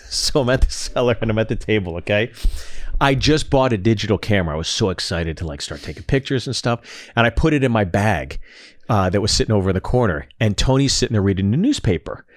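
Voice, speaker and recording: A man's voice: lowish voice, fast, no echo, clean studio sound. A middle-aged man telling a comedic story as a guest, acting out the dialogue with energy. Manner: animated, acts out dialogue.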